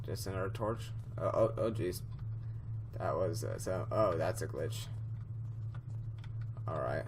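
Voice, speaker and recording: A man's voice: deep voice, a little slow. Young guy rambling thru a spooky game, um-ing a lot, faint hiss behind him. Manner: rambling, filler-heavy, easily startled. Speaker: gameplay commentator. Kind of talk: horror game let's play commentary.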